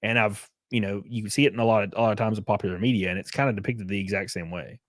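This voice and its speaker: A man hosting a live stream, commenting casually with swearing and quick laughs. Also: on the low side, steady tone, no room sound. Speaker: streamer host.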